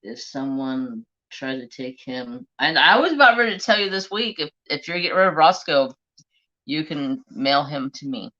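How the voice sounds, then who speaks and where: A man hosts a live craft stream in a bright, forward voice, chatting bluntly and swearing freely. The talk is loose and chatty. The audio is dull and lo-fi. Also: a little high, lively intonation, normal speed. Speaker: craft livestream host. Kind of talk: casual live-stream chat.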